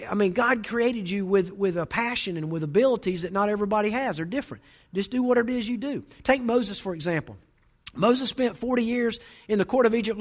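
Preacher guy, high voice, rattles off his sermon quick and punchy, lots of repeating for effect. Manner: emphatic, rousing preaching with rhythmic repetition.

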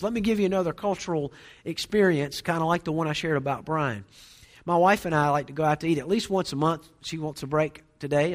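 Male pastor, middle-aged, fast and a bit high-voiced, chatty sermon storyteller. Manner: conversational preaching with storytelling asides.

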